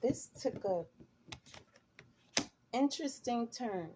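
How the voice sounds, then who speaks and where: Woman tarot reader, slow musing delivery, somewhat high pitch. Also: animated, background noise. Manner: slow, musing and chatty, breaks into laughs. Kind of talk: tarot reading.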